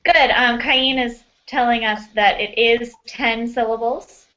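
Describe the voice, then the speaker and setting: A woman's voice: fairly high pitch, fairly even intonation, slow, fairly bright tone, dull audio. A woman teaching an online class, upbeat and encouraging, heard over a video call.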